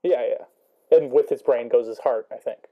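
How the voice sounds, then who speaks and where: Young guy chatting about a book, lots of ums and "right?", mid-pitched, kinda dull audio. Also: normal speed. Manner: thinking aloud, many ums and rights. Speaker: student discussing a book. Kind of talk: casual book discussion.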